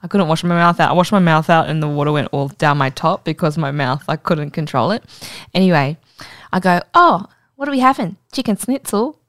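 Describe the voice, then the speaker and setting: A woman's voice: low voice, steady tone, fairly quick, hardly any pauses, no echo, studio quality. A woman co-hosting a casual chat, full of crude comic banter and swearing.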